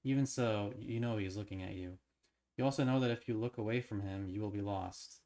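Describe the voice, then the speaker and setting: A man's voice: on the low side, fairly quick. Man reading a horror novel aloud on stream. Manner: stumbles and restarts while reading, then breaks into excited theorizing.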